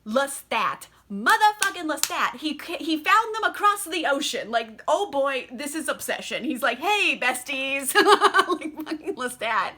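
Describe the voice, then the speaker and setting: A tipsy woman racing through a casual book recap, swearing freely and breaking into laughter. Her voice is bright and a touch high, with a lively, animated delivery. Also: normal speed, few pauses. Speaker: book reviewer.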